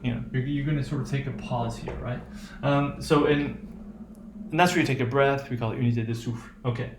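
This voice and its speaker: A man's voice: medium pitch, steady tone, a little fast, background noise. A man with an American accent teaching a class on intonation, hesitant, with many fillers and frequent "right?" checks. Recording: echoey room.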